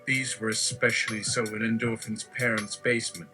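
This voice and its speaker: A man's voice: lowish voice, level tone, normal speed, low-quality recording. A man hosting a live show, reading an absurd story aloud with wry asides. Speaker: storyteller host. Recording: music playing behind.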